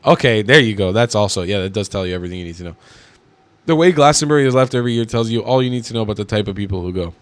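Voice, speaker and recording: A man's voice: on the low side, expressive, racing. A man giving indignant, mocking reaction commentary on video clips.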